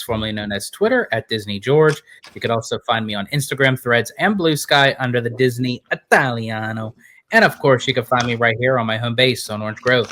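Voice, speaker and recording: A man's voice: medium pitch, fairly bright tone, slight background noise. Chatty laughing male co-host. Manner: chatty, laughing, self-deprecating. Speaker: podcast co-host. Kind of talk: casual chat.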